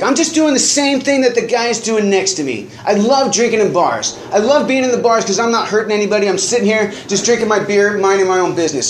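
A man telling a long personal story in a casual, rambling way, full of fillers and laughs. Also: sits high. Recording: roomy echo, faint noise.

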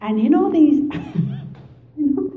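A woman with an Irish Midlands accent telling her story at a recovery meeting, lively and joking. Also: high-pitched, takes it slowly, echoey room, soft background music, poor audio. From Ireland. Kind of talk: personal testimony to an audience.

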